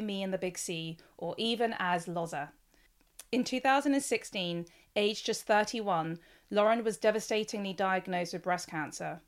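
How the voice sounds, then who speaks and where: Woman hosting a podcast interview. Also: mid-range voice. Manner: earnest, friendly questioning with soft fillers. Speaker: podcast host. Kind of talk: scripted intro then casual interview chat.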